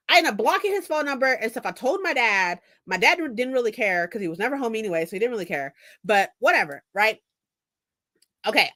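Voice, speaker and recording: A young woman in her twenties telling a story in a casual vlog, animated and profane, laughing often. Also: on the high side. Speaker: vlogger.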